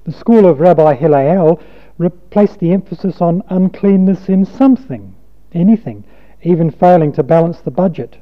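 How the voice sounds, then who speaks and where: A man's voice: a little high, animated, normal speed. A man preaching a sermon, reading scripture aloud and stressing rhythmic wordplay. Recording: tinny phone-like recording.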